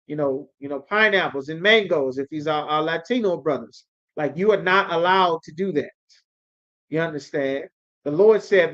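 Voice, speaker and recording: A man's voice: fairly high pitch, unhurried, a bit bright. A man teaching a scripture class in an emphatic, sermon-like way, often checking that his listeners understand. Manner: emphatic, repeatedly asks "you understand?". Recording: dull lo-fi recording.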